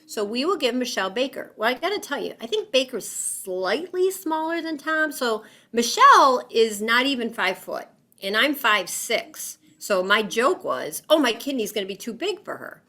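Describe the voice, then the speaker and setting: A woman talks through a personal story as an interview guest. Her voice is bright and forward, and she leans on fillers. She animates her account by acting out the quoted voices. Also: fairly high pitch, sing-song, normal speed.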